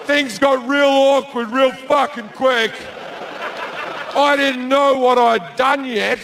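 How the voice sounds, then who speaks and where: A man's voice: very high voice, steady tone, takes it slowly, gravelly, a bit bright, a little hiss or hum. A man with an Australian accent doing stand-up, brash and profane, acting out all the characters in his story. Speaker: stand-up comedian.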